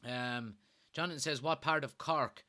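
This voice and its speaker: A man's voice: medium pitch, a little slow, bright, forceful tone. An Irish man from Kilkenny hosting a live football watchalong, reading viewer comments aloud and reacting in exasperation with plenty of swearing. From Ireland. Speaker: fan watchalong host.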